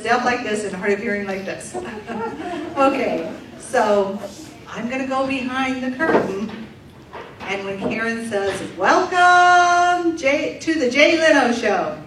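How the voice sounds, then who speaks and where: A woman interpreting a deaf comedian's stand-up set aloud for a live audience, in a lively, animated way. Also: fairly high pitch, background noise. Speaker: sign language interpreter voicing a deaf comedian. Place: large room with a live audience. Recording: echoey distant room recording.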